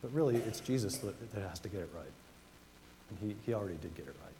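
A male pastor with a warm, mellow voice, preaching in a relaxed, conversational way and slowing right down to lean on scripture. His voice rings through a church hall with a long echo, over a faint hiss. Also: fairly low pitch. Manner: conversational, reads scripture slowly with emphasis. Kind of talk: sermon.

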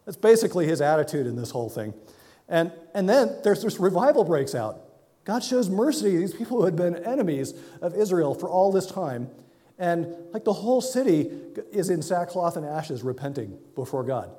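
A man preaching a sermon in a relaxed, conversational way, sometimes acting out the figures in his story with a raised voice. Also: fairly high pitch, normal speed. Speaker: pastor. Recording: long hall reverb.

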